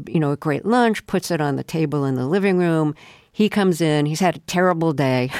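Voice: mid-range voice, a little mellow, dry recording, clean studio sound. A radio host asking questions and setting up clips in a curious, conversational way. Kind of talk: radio interview.

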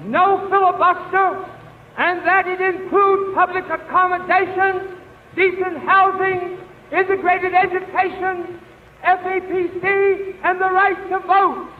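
A man giving a formal, deliberate speech at a mass rally, heard through a poor-quality archival recording. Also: extremely high pitch, little pitch movement, reverberant, in a large hall, phone-quality sound, slight background noise.

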